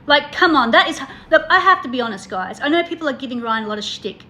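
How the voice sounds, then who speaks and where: A woman's voice: high-pitched, animated, fast, pushed and bright, slight background noise. A woman co-hosting a casual chat, emotional and laughing often. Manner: emotional, laughs a lot, exaggerates. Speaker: podcast co-host.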